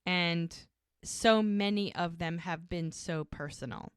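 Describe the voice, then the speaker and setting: A woman's voice: on the low side, takes it slowly, clean tone, no echo, clean studio sound. A woman co-hosting a podcast, chatting casually as she retells a TV episode scene by scene. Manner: chatty retelling, acts out quoted lines. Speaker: podcast co-host.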